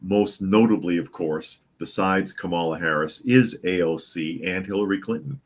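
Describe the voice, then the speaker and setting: A man's voice: low-pitched, normal speed. A male podcast host giving live news commentary, reading viewer comments aloud with scornful chuckles. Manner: mocking, chuckling while reading chat comments.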